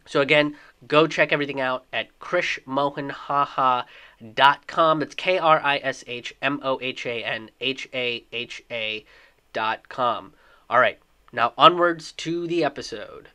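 A man's voice: mid-range voice, normal speed, pushed and bright, dry recording. Sarcastic male comedian, dry voice. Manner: sarcastic, mocking. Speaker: comedian host. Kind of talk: comedic monologue.

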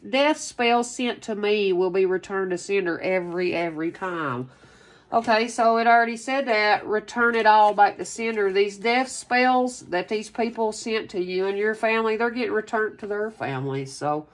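A woman doing a casual tarot reading, rambling and excitable, repeating phrases and swearing freely. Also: fairly low pitch. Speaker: tarot reader.

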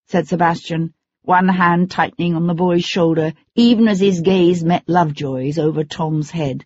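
An audiobook narrator reading in a measured, dramatic way, on a dull lo-fi recording. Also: mid-range voice, fairly even intonation, a little mellow, no room sound.

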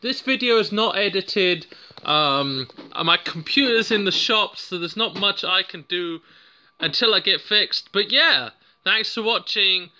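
A man's voice: high-pitched, expressive, unhurried, sharp tone. A man with a British accent giving a casual, unscripted product review, rambling and joking at his own expense. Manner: rambling, jokey and self-mocking.

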